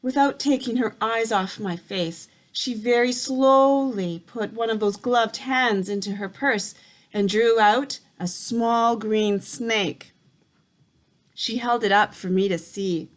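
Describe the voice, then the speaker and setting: Slow, calm woman reading a story aloud. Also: fairly high pitch. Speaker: reader.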